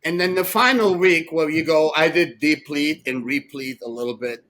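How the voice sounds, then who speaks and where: A man in his sixties telling rambling, animated stories as a podcast co-host, laughing often. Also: on the high side, moderate pace, rough recording. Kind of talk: casual storytelling chat.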